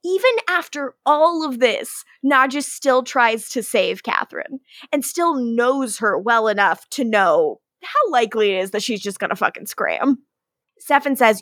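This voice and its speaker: A woman with a slightly high voice hosts a casual recap podcast. She retells scenes in a lively way, dipping into the characters' lines and laughing often. The sound is close and dry. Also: measured pace, dry recording. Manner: animated storytelling, acting out quotes, laughs often. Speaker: podcast host.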